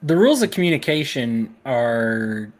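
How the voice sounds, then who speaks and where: A man's voice: mid-range voice, big pitch swings, unhurried. A man co-hosting a podcast, talking in a casual, friendly, agreeing way. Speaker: podcast co-host.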